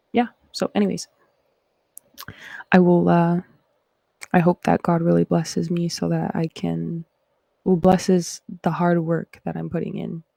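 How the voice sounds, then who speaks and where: A woman's voice: lowish voice, creaky, dark tone, dry recording. A woman from Canada with a Canadian accent, hosting a casual livestream chat in a rambling, reflective way. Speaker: host.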